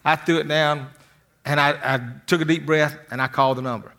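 An older man with a bright, ringing voice, pitched a little high, gives a motivational talk. He works through folksy stories and often repeats a word two or three times before his sentence gets going. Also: steady tone, fairly quick, creaky. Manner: folksy storytelling, repeats words when starting sentences. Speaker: motivational speaker.

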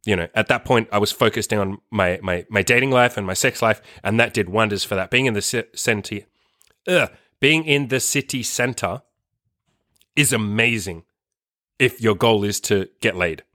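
A man's voice: on the low side, moderate pace, sharp tone, dry recording, clean studio sound. A young man telling a long personal story in a casual, profane, emphatic way, full of "like". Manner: profane, emphatic, heavy use of "like". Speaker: storyteller host.

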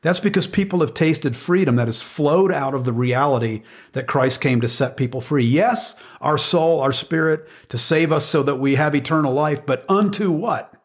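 A man's voice: on the high side, normal speed, hardly any pauses. A middle-aged man explaining Bible passages in casual conversation, earnest and emphatic, often repeating words as he searches for phrasing.

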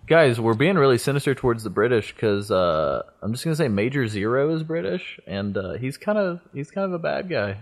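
A man's voice: mid-range voice, big pitch swings, fairly quick, hardly any pauses. A man hosting a podcast in casual chat, joking and mock-apologetic, reading listener mail aloud and swearing casually. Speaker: podcast host.

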